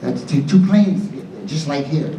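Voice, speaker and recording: An older man spins a chatty, wandering story for a convention crowd, stopping and restarting as he goes. His voice is mellow and relaxed. It sounds roomy and a bit distant, with a faint hum underneath. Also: on the high side, fast. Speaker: convention panel guest. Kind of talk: storytelling on a fan convention panel. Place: large convention hall.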